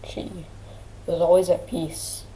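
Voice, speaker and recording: A grieving woman on her vlog, near tears, speaking in halting phrases that restart and trail off. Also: lowish voice, level tone, mellow, a little hiss or hum, rough recording. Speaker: channel host.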